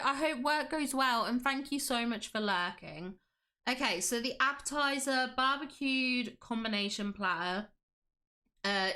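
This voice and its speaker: A woman's voice: a little high, pushed and bright. A woman hosting a casual livestream, gushing with enthusiasm and reading chat aloud. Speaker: livestream host.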